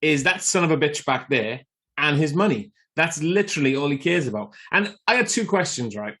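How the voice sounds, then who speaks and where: A man co-hosting a podcast, chatting about a film in a wry, lively manner. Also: on the high side, fairly quick. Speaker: podcast co-host. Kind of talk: casual film-review chat.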